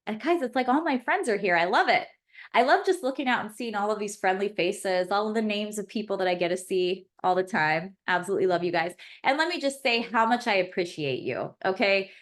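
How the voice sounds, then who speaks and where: A woman's voice: medium pitch, animated, fairly quick. A woman pharmacist hosting a live webinar class, chatty and effusive as she reads the chat and answers questions aloud.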